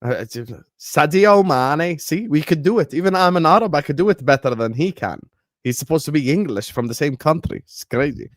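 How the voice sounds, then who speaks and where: A man's voice: a little high, lively intonation, fairly quick, no room sound, clean studio sound. A man hosting a stream, hyping and teasing his guest in playful banter. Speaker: host. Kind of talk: casual chat on a stream.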